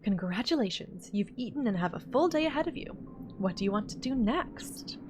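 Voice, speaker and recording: A woman's voice: a little high, animated, a little fast, noisy background. Woman voicing a visual novel playthrough. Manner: chatty, reads narration then comments with laughs. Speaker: let's play gamer voicing a visual novel. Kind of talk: reading and playing a horror visual novel aloud.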